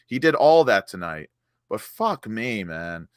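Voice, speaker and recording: A man's voice: lowish voice, big pitch swings, unhurried, no echo. A man co-hosting a fan channel, frustrated and swearing as he picks apart the team's play. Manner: frustrated, swearing, restarts his sentences. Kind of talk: angry post-match fan chat.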